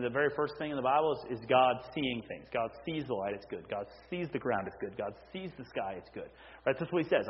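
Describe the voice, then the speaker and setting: A male pastor delivers an animated, conversational sermon at a middle pitch, repeatedly checking in with his listeners. The recording is dull and lo-fi. His voice carries a long reverb through a church sanctuary. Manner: animated, with frequent "right?" check-ins.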